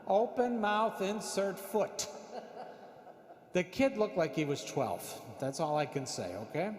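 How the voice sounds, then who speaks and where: A man's voice: high-pitched, lively intonation, slow. A man preaching a parish mission, telling a story animatedly and acting out the dialogue in different voices. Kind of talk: storytelling sermon. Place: church. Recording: echoey church hall.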